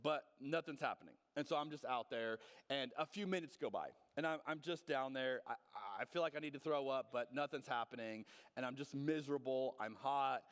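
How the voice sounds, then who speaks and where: A man's voice: medium pitch, fairly quick, hardly any pauses, clean tone, big-room sound. A man preaching a sermon as pastor, earnest and conversational, often restarting his words. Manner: earnest, conversational, frequent restarts and stammered repeats. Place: church sanctuary.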